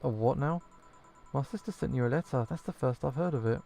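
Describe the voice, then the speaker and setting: Man voicing a guarded, grieving woman from a game, measured, gravelly tone. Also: medium pitch, warm tone, lightly acted. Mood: subdued. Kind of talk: reading game dialogue aloud. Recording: faint game music behind.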